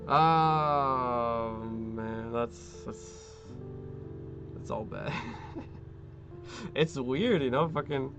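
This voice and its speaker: A male streamer rambles in casual chat, dropping curse words and fillers as he works on a model kit at home. His voice sits in a middle register and sounds slightly muffled. Soft guitar music plays quietly behind him. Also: medium pitch, lively intonation, drawn-out words, long pauses. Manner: rambling, swears often, many fillers.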